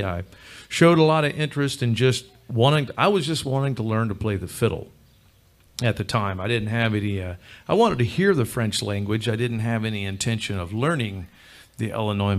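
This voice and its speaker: Folksy Midwestern man talking from a stage. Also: fairly low pitch. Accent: Midwestern American. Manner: rambling, folksy, many restarts and fillers. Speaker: fiddler and bandleader. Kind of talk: on-stage talk between songs. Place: live concert stage.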